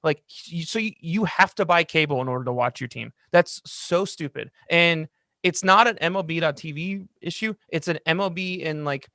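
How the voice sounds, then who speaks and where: Young male podcast co-host, slightly high voice, dry close sound, excited rambling storyteller. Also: normal speed, no echo. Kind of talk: casual chat. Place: lives in Los Angeles.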